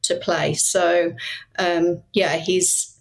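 A middle-aged woman with a British accent speaks as a podcast guest, her voice carrying a gravelly, creaky edge. She talks earnestly and plainly, offering advice in a relaxed conversational way. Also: on the low side, extremely slow, a crowd in the background, poor audio. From Britain. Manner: earnest, advising, laughs easily. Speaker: guest, former detective. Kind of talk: casual podcast interview.

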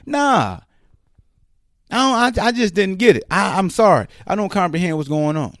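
Animated man ranting on a podcast. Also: high-pitched, normal speed, no room sound, studio quality. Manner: animated, incredulous, slangy ranting with mocking quoted voices. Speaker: podcast host. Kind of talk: casual commentary rant.

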